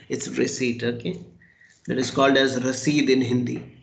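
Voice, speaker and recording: A man teaches French in an unhurried, patient way. He repeats each word and spells it out letter by letter. His voice sits in the middle range, and the room has a roomy echo. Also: medium pitch, flat delivery, gravelly, slight background noise. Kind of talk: online language class.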